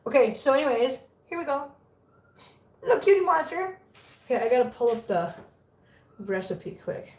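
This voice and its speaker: A woman's voice: high voice, sing-song, moderate pace, pauses often, darkish tone, distant mic. Chatty woman in a roomy kitchen. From Southern US. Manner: chatty, laughs often, talks to viewers. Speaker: live stream host. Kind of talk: casual live stream chat. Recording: roomy sound from off mic.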